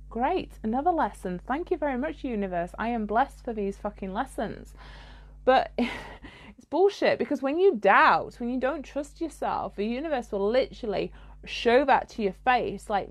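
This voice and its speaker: Blunt, profane woman coach. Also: a little high. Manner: blunt, swears freely, laughs mid-sentence. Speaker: spiritual coach. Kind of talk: podcast monologue.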